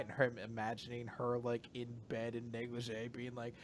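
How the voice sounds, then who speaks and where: A man's voice: mid-range voice, brisk. A man hosting a casual podcast, retelling a manga chapter with many fillers. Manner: animated storytelling, many fillers. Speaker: podcast host. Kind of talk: casual manga recap chat.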